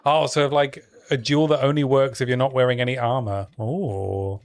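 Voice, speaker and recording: A man's voice: medium pitch, steady tone, fairly quick. A man chatting casually while streaming a video game, joking around and trailing off with fillers. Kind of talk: casual gameplay chat.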